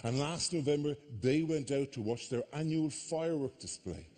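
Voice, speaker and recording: An Irish man doing stand-up comedy, talking fast and animated, swearing freely and breaking into frantic voices. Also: on the high side. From Ireland. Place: theatre stage before a live audience.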